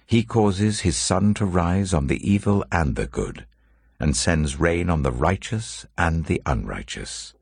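A man slowly and solemnly reading scripture aloud, with a very deep, gravelly, husky voice. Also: dry recording, clean studio sound. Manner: slow, measured, expressive reading. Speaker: scripture reader.

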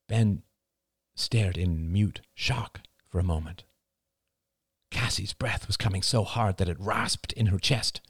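A man narrating an audiobook chapter in a lively, expressive reading. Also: on the low side, husky, no room sound, clean studio sound.

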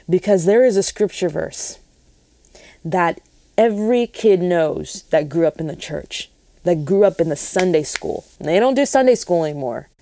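A young woman gives a casual Christian testimony, earnest and rambling, often restarting her sentences. Her voice is lowish and mellow, with no echo.

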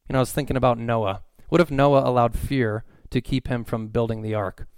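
A male preacher with a smooth, resonant voice and a mid-range pitch, talking through his sermon in plain, conversational phrases. He keeps asking questions of his listeners, and the recording is close and dry. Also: no room sound.

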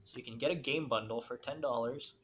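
A woman's voice: extremely low pitch, a little fast, slight background noise. A woman co-hosting a casual podcast, profane and jokey, reading news aloud between gags. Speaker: podcast co-host. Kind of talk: casual chat.

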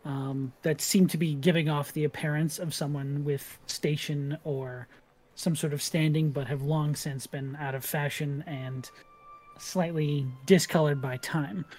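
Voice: medium pitch, fairly even intonation, unhurried, darkish tone. A game master narrating a tabletop game in a casual, descriptive way with frequent fillers.

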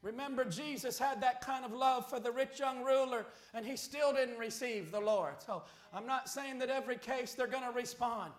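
A man preaching a sermon, telling a story and rising to shouted appeals. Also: very high-pitched, normal speed, few pauses. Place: church. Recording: echoey church hall.

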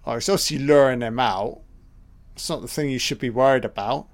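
A man's voice: medium pitch, normal speed, vocal fry. A man giving a casual, crude running commentary on a film, swearing and reacting aloud.

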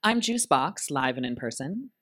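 A man's voice: fairly high pitch, very animated, normal speed, a bit bright. A man who performs as a drag queen, co-hosting a podcast in a playful, teasing chat with lots of laughter before a live audience.

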